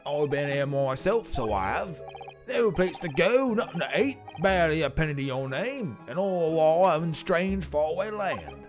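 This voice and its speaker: A man's voice: on the high side, big pitch swings, normal speed. A man voicing a boastful defendant in a game, with a put-on Irish-style brogue and a chummy, grandiose manner. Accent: put-on Irish-style brogue, admittedly bad. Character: boastful man in the dock, showering strangers with money. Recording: game music behind.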